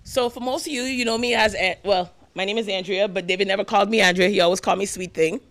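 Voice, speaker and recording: A woman's voice: mid-range voice, steady tone, fast, fairly bright tone. A woman in her fifties giving a eulogy for her husband, telling fond stories while fighting back tears. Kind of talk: personal eulogy, storytelling.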